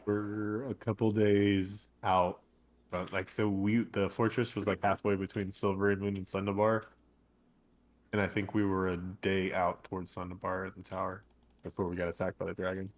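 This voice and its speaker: Male player, lowish voice, plain and factual. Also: level tone, moderate pace. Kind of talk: tabletop game chat.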